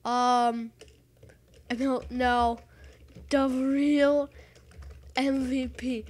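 High-voiced excitable gamer woman. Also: very slow. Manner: excitable, rambling, talks to rival players. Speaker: gaming channel host. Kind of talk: casual gameplay commentary.

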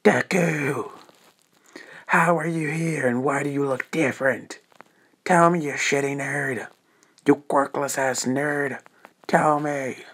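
A man's voice: fairly high pitch, takes it slowly, long pauses, a bit bright, breathy edge, pitched above the performer's own voice, full character voice. A man doing a snarling teenage bully. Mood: angry. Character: angry blond teen boy bully, loud and insulting.

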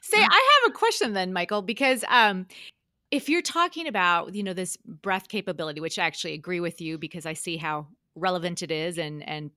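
Bright-voiced woman host thinking aloud. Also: lowish voice, brisk, no echo, clean studio sound. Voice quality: lyric mezzo-soprano singer. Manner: thinks out loud, long rambling questions. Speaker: host, interviewer. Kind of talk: interview.

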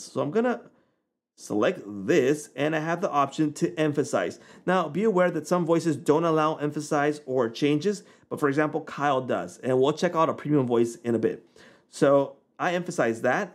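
A man hosting a software tutorial, talking in a relaxed, informal way as he clicks through the steps. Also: a little high. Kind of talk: casual screen-recording walkthrough.

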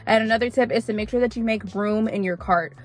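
A young adult woman vlogging gig-work tips, chatty and animated, repeating lines for emphasis and calling viewers honey. Light music plays behind her. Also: a little high, quick pace. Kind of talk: casual tips vlog talking to camera.

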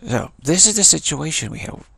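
Gravelly husky man giving a spiritual talk. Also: a little high, big pitch swings, moderate pace, fairly bright tone, dry recording. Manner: earnest, storytelling, repeats phrases for emphasis. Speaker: spiritual teacher.

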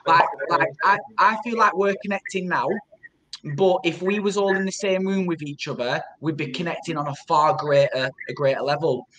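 A man speaking as a guest on a video call, giving emotional personal testimony in an earnest, halting way, often repeating words. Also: fairly high pitch, steady tone, pushed and bright, poor audio. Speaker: guest, trauma support group founder.

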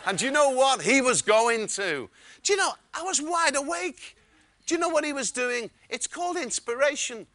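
A man giving a storytelling keynote talk, lively and chuckling as he goes. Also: extremely high pitch, moderate pace. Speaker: keynote speaker.

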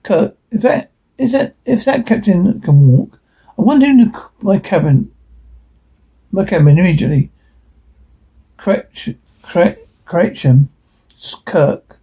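Brief: man reading a stern male captain, raspy and gravelly. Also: fairly high pitch, measured pace, mellow, heavily acted. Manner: curt, giving orders. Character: commanding male starship captain.

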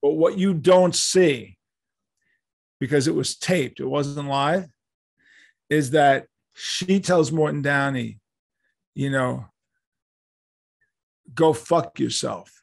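Animated older man telling a story. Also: on the high side, slow pace, creaky, pauses often, no echo. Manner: animated, acts out quoted dialogue. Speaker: guest. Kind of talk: anecdotal storytelling in an interview.

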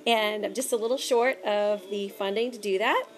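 A woman's voice: medium pitch, fairly even intonation, normal speed. A woman gospel singer giving a bubbly, effusive video update to her supporters. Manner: bubbly and effusive, says darling. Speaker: gospel recording artist. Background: faint music with a man singing.

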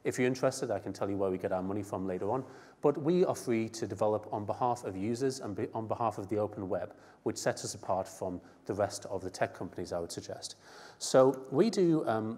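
A man's voice: lowish voice, mellow. A man with a northern English accent and a head cold, giving an informal, chatty conference presentation. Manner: chatty, informal, quick asides. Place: conference hall. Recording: long reverb of a large hall.

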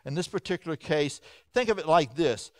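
A man who is a pastor, giving an evening Bible lecture to his church in a folksy, animated way, swinging from loud to hushed. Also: a little high, brisk, no echo. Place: church hall.

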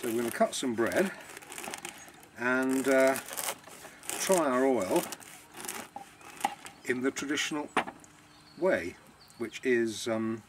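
A man's voice: medium pitch, lively intonation, slow, long pauses, background noise. Chatty man tasting olive oil. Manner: chatty, savouring, self-deprecating. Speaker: villa rental owner. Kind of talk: casual vlog.

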